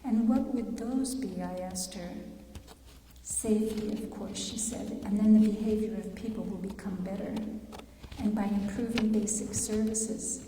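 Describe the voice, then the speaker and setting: Woman giving a talk in a big chapel, earnest and measured, mellow voice, lots of echo, mic far away. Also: medium pitch, steady tone, slight background noise. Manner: earnest, measured, with pauses and restarts. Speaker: speaker at a public talk. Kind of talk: reflective public talk reading quotes. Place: large chapel.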